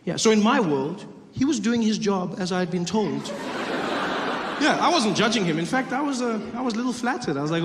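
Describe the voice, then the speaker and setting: A man doing stand-up comedy, telling a story with animated delivery and acted-out scenes. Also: sits high, brisk, very noisy. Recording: reverberant hall with audience.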